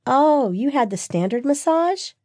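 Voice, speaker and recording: Female narrator doing a high, giggly best friend, gushing with excitement, dry studio sound. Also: a little slow, dry recording. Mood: excited. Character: bubbly excited young woman best friend.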